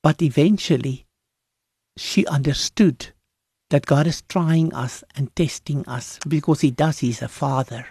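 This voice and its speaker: Her voice sits low and warm with a breathy edge, and she speaks unhurriedly in a dry, studio-quality recording. She's a guest Christian minister discussing faith in an earnest, emphatic, conversational preaching style, frequently restarting her sentences.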